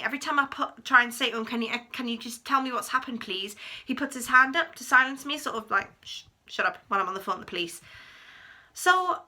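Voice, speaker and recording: Bright chatty woman telling a story. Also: a little high. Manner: chatty, animated retelling with acted quotes. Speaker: vlogger. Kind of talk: storytime vlog.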